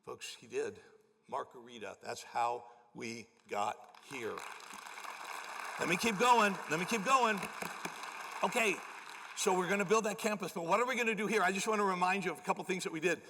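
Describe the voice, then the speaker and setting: Middle-aged male pastor, gravelly, bright, storytelling sermon, long hall reverb. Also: sits high, fairly quick, noisy background. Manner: acts out quoted people with lively shifts. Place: church auditorium.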